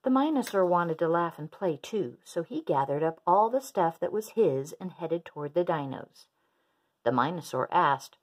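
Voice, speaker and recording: A woman reading a children's rhyming picture book aloud in an expressive, sing-song way. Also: lowish voice, a little slow. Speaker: storyteller.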